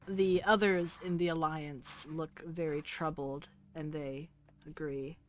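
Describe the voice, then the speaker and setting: Female game master, measured narration; low voice, slow pace. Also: steady tone, slight background noise.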